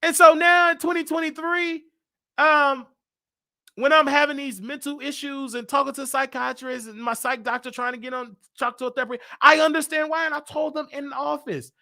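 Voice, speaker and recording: A man's voice: very high-pitched, steady tone, moderate pace, vocal fry, sharp tone. A man hosting his show, talking candidly and confessionally about his life and repeating himself as he works through it. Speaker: show host. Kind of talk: candid personal livestream talk.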